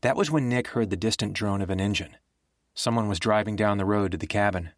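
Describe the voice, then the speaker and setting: A man narrating an audiobook in a measured, even storytelling way. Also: on the low side, dry recording, clean studio sound.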